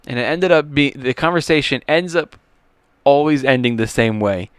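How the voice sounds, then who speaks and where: A male podcast host talks in an easygoing, agreeable way. His voice is mid-pitched and smooth, and the sound is dry and close. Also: animated, no echo. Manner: easygoing, agreeable, quick back-channel replies. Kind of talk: casual podcast chat.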